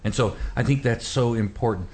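A man's voice: mid-range voice, brisk. A man who is a pastor, earnestly preaching on a Bible passage during a radio discussion. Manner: earnest and animated, shifts to a hushed gentle voice when quoting God.

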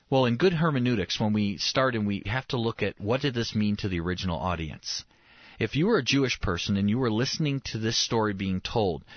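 Male pastor, mid-range voice, lively sermon delivery, dry and slightly dull recording. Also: mid-range voice, no room sound. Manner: animated, acts out the figures' quoted lines.

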